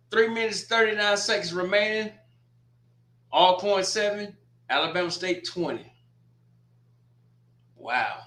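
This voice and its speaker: Host: man, slow bright roomy delivery, blunt teasing score chatter. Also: high voice. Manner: blunt, teasing trash talk. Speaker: watch party host. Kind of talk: casual score rundown and commentary.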